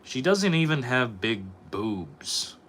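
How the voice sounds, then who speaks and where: A young man with a bright, forward voice chats loosely on a live stream, rambling and swearing as he reacts to his viewers. His pitch sits in an ordinary middle range for a man. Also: very animated, slow pace, slight background noise. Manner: profane, rambling, reacting to chat. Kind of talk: casual live-stream chat.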